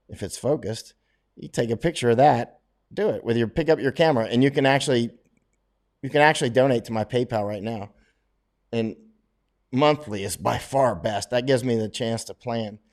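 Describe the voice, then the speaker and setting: A man's voice: mid-range voice, brisk, a little mellow. A middle-aged American man from Florida, rambling casually as he answers viewer questions on a livestream, often restarting and laughing as he talks. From Florida, United States.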